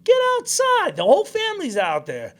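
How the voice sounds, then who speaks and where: A man voicing his proud, pushy father, loud and exasperated. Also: high voice, wildly swooping pitch, fast, voice pushed up.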